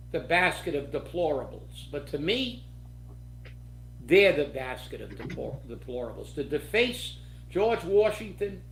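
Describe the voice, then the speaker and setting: Angry guy ranting on a political talk show, slow talker, echoey room. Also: high voice, slight background noise. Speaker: political commentary host. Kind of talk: political commentary.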